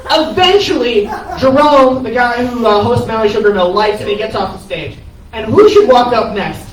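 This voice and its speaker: A man who is a stand-up comedian, giving an animated, profane comic eulogy on a cafe stage, laughing as he tells it. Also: extremely high pitch, moderate pace. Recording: echoey room from far off, noisy.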